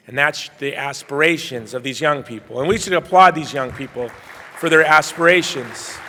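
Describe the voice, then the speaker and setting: A middle-aged man giving a keynote speech, telling a personal story in earnest and moving between quiet and loud passages. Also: a little high, normal speed, a faint crowd, slight background noise. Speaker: keynote speaker. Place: banquet hall. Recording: reverberant hall.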